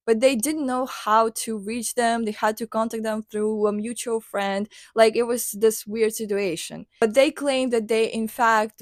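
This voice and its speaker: A woman's voice: medium pitch, dry recording. Woman's dry casual commentary. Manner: conversational, questioning. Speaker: commentary channel host.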